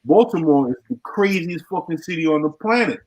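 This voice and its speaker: A man hosting a podcast, interviewing a guest casually and backing him up with quick affirmations. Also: on the high side, expressive, darkish tone, poor audio. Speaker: podcast host.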